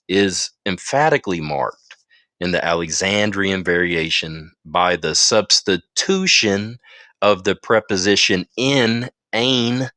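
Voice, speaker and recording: Emphatic deep-voiced man teaching scripture. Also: bright, forceful tone, no echo, studio quality. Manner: emphatic, fast reading with asides to listeners. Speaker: Bible study teacher. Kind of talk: teaching with read-aloud passages. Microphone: phone in an audio chat room.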